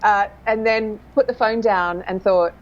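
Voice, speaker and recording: A woman dialect coach in a casual interview, talking thoughtfully and often pausing to search for words. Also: mid-range voice, muffled recording.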